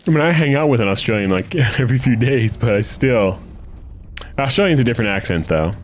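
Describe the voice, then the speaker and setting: A man's voice: medium pitch, animated, a little fast, slight background noise. An American man co-hosting a video game let's play, chatting in a rambling, casual way. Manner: chatty, rambling with restarts and asides. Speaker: co-host of a gaming let's play. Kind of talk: casual chat while playing.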